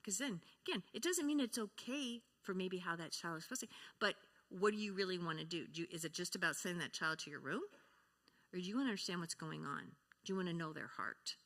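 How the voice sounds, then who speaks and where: An older woman teaches from the pulpit in an earnest, practical way. Her voice is bright and pointed, pitched somewhat low for a woman. Now and then she slips into short lines of sample dialogue. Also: animated, fast, long reverb tail. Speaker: church speaker. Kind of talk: sermon teaching.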